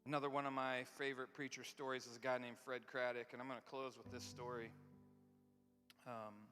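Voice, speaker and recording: A man preaching a sermon in a large church. He talks conversationally and swings from loud, emphatic lines to hushed, near-whispered ones. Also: mid-range voice, little pitch movement, a little fast, clear, resonant tone, faint music behind. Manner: conversational, repeats and restarts words. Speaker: pastor. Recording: long hall reverb.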